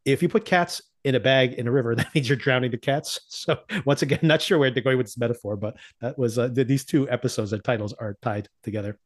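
A man with a middle-pitched voice talks through a TV season in loose, casual chat. He laughs often and slips into the characters' lines as he tells the story. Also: fast, few pauses. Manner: animated storyteller, laughs often, acts out quotes. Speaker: podcast host.

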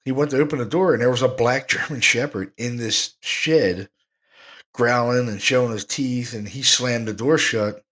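A man's voice: medium pitch, normal speed, a bit bright. A man hosting a podcast, telling a ghost story in a rambling, laid-back way and chuckling now and then. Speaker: podcast host, paranormal investigator. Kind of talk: casual storytelling.

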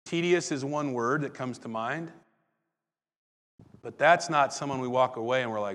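Animated pastor preaching in a reverberant hall. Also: male voice, mid-range voice, normal speed, long pauses. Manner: animated storytelling, swings from loud to hushed. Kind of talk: sermon.

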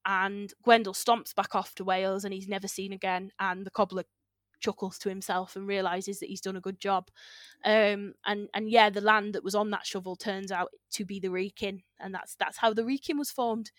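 A woman's voice: mid-range voice, fairly even intonation, normal speed, no room sound, studio quality. Chatty woman telling a folk tale. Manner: chatty, giggly, with fillers and self-corrections. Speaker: storyteller guest. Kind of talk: casual oral storytelling.

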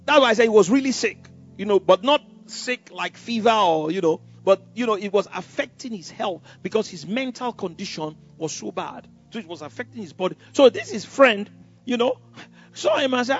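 Animated, husky-voiced male pastor preaching. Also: sits high, moderate pace, dull audio, soft background music. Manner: animated, emphatic, laughs often. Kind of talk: sermon.

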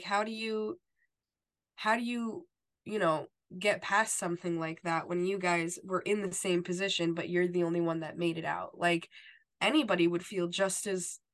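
A woman's voice: fairly low pitch, steady tone, moderate pace, fairly bright tone. A woman co-hosting a podcast, talking casually and emphatically, with lots of "like" and "you know". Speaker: podcast co-host. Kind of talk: casual chat recapping a TV episode.

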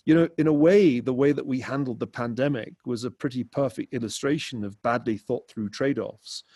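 A man with a husky, slightly breathy voice speaks in a dry, close setting. He talks at a measured pace and fills his pauses with "uh" as he builds his points. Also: mid-range voice, darkish tone, no echo. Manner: measured, with frequent uh fillers. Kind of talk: panel discussion.

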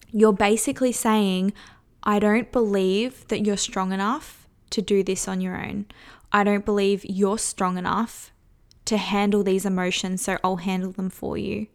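A woman's voice: mid-range voice, clean tone. Candid young woman podcaster. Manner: candid, conversational, acts out quoted voices. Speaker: podcast host. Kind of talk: solo podcast talk.

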